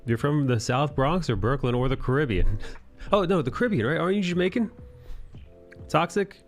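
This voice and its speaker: A man's voice: fairly high pitch, lively intonation, normal speed, faint music behind. A man from New York City hosting a livestream, chatting casually and swearing freely with his viewers while he draws. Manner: profane, joking, chatty with viewers. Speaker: livestream host. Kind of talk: casual chat while drawing.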